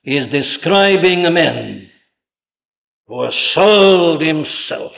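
A man's voice: a little high, animated, slow pace, gravelly. A man preaching a sermon with emphatic delivery, rhetorical questions and vivid retelling of stories. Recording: dull lo-fi old sermon tape.

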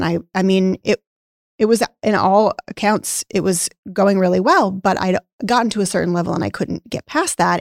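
A woman's voice: medium pitch, gravelly, a little mellow, no room sound, studio quality. A woman co-hosting a casual podcast, candidly telling a personal story and acting out past conversations, getting emotional at times. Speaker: podcast co-host, former nutrition practice owner.

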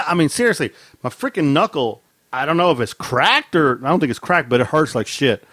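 Animated, profane man telling stories. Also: a little fast, dry recording, shouting, studio quality. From Mexican heritage. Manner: profane, laughing storyteller with big pitch swings. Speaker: podcast co-host. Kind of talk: casual chat, storytelling.

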